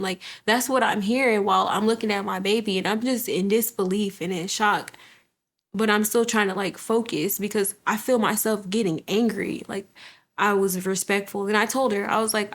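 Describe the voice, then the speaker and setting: A young woman telling her personal story as an interview guest, halting and repeating herself while quoting what others said. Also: medium pitch. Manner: halting, repeats words, quotes others vividly. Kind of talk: emotional personal testimony.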